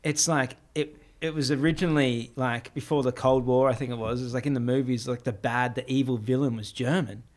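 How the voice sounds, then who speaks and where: A man's voice: medium pitch, fairly even intonation, brisk, hardly any pauses. A man hosting a podcast, talking in a casual, reflective way with many fillers. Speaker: podcast host. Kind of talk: casual conversational interview.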